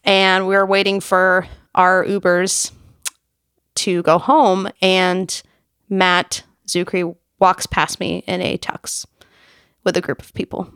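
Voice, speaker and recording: Animated woman telling a story. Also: on the low side, slow, smooth, dry recording, studio quality. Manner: animated storyteller, quotes people in voices. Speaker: podcast co-host. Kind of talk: casual chat.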